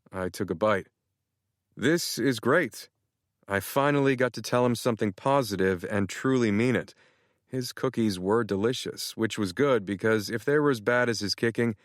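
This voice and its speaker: A male audiobook narrator with a fairly low voice, reading in the first person at a measured, even pace. He sits close to the mic. The sound is dry and free of any room echo.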